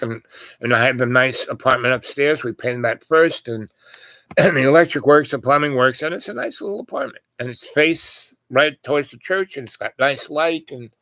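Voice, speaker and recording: A man's voice: medium pitch, fairly bright tone, no room sound. An older man telling a long personal story in a loose, rambling way, full of fillers and asides. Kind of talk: casual spoken storytelling.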